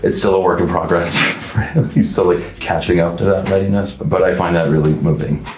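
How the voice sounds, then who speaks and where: A Canadian man, an actor, talking in a relaxed, thoughtful way, often restarting his sentences. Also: low voice, fairly quick, reverberant. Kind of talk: casual talk to camera.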